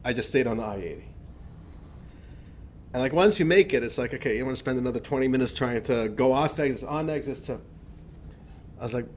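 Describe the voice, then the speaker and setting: A man, a rabbi, telling a personal story in a lively, conversational lecture with frequent restarts. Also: medium pitch, fairly quick, pauses often, slight background noise. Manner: animated anecdotal storytelling with many restarts.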